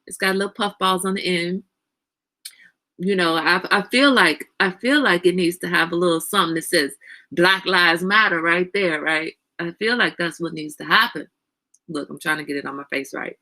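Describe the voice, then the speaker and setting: A woman's voice: lowish voice, moderate pace, pushed and bright. A woman hosting a casual livestream, chatting animatedly, greeting viewers by name and laughing often. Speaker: livestream host.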